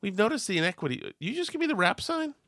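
A man hosting a political talk show, sarcastic and mocking, with quick asides and laughs. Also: high voice, sing-song, gravelly, a bit bright, no room sound. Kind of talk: casual commentary.

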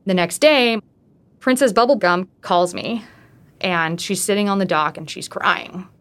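A woman's voice: fairly low pitch, unhurried, a bit bright. A woman casually telling her own true story, talking in a loose way with frequent "like" fillers.

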